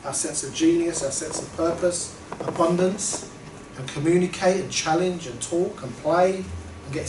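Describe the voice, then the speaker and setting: A man giving a reflective workshop talk to a group, earnest and halting, often trailing off softly. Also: fairly high pitch. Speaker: workshop presenter. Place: meeting room. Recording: echoey room from far off, noisy.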